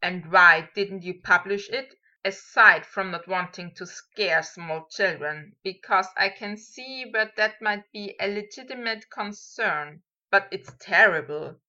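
A woman's voice: mid-range voice, a little slow, hardly any pauses. A woman reading a fan story aloud, voicing a brusque, exasperated young man who snaps and then laughs, on a dull lo-fi recording. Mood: bemused. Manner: snapping, loud outbursts.

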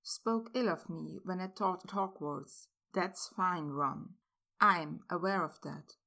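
A woman voicing a gentle, weary middle-aged werewolf man who speaks softly and mildly. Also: medium pitch, unhurried. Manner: soft-spoken, mild, understated.

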